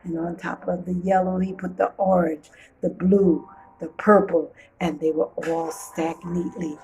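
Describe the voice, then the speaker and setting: A woman reading a children's storybook aloud with playful, expressive storytelling. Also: on the low side, measured pace, low-quality recording.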